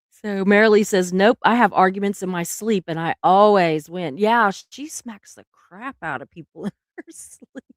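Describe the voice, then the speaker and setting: A woman's voice: mid-range voice, unhurried, no echo, clean studio sound. A middle-aged woman, hosting a casual live stream, chatty and laughing often, trailing off mid-sentence.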